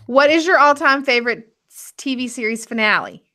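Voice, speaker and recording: A woman reads listener questions to podcast hosts, brisk, with quick "um, okay" lead-ins. Her voice is bright and sits fairly high. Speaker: producer reading listener questions. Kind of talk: reading questions aloud.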